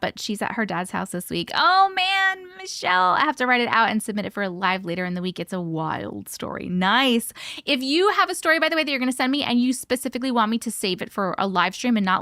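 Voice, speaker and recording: A woman hosting a casual livestream, reading viewer comments aloud and greeting people by name, playful and quick to laugh. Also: mid-range voice, bright, forceful tone, no room sound, studio quality. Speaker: livestream host.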